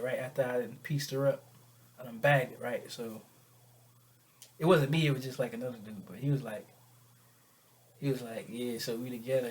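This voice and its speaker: A young man casually telling a rambling, slang-filled story in an animated way. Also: mid-range voice.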